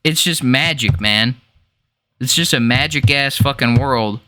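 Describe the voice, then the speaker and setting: A man's voice: medium pitch, unhurried, bright, forceful tone, clean tone. A young man co-hosting a podcast, riffing and swearing in casual chat. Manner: joking, profane, riffing. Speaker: podcast co-host.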